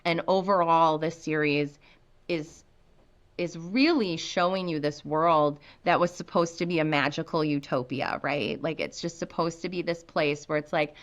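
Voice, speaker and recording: A woman's voice: sits low, moderate pace. An American woman author talking animatedly as a guest on a podcast, laughing often. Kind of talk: podcast interview.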